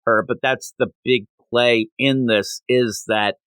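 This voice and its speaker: A man hosting a comic book review podcast, recapping the plot in a rambling, animated way and slipping into quick voices for the characters. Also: medium pitch, clear, resonant tone, no room sound.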